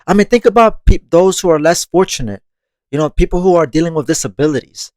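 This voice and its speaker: Fast-paced and fairly high-pitched, his voice has a slightly mellow tone on a dry recording. The man hosts a monthly meditation podcast, reflecting conversationally on growth, laughing often and cursing casually.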